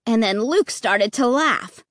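A woman narrating a children's horror story in the first person with an expressive, suspenseful delivery. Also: a little high, slow pace, no room sound, clean studio sound. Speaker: audiobook narrator.

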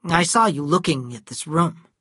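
A woman's voice: deep voice, expressive, normal speed, fairly bright tone, breathy edge, no room sound, studio quality, pitched above the performer's own voice, full character voice. A narrator voicing a cold, bitter middle-aged woman with aching hands, speaking curtly in an audiobook. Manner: curt, cutting. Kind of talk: audiobook character voice.

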